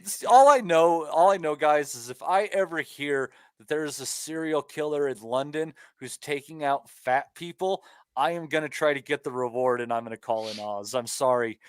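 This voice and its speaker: A man co-hosting a podcast who teases the others crudely and swears constantly. His voice sits fairly high. The recording is dry and close. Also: normal speed, clean tone, no room sound. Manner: crude, loud teasing with heavy swearing. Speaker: podcast co-host. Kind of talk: casual banter.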